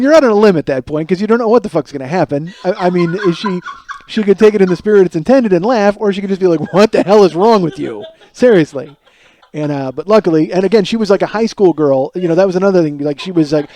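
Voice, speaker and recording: Fast-talking, mellow-voiced man spinning a yarn. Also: fairly high pitch. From Chicago. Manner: rambling storyteller with frequent restarts and profanity. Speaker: podcast host. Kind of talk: casual comic monologue.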